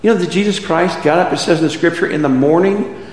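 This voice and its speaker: A man's voice: fairly high pitch, quick pace, a little mellow. Preaching man in an echoey hall. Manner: conversational preaching with rhetorical questions. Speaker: pastor. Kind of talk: sermon. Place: church sanctuary.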